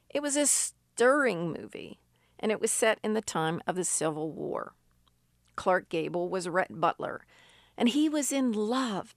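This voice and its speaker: Slow, deliberate woman preaching. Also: lowish voice, dry recording, clean studio sound. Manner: unhurried storytelling with emphatic rises. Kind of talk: sermon.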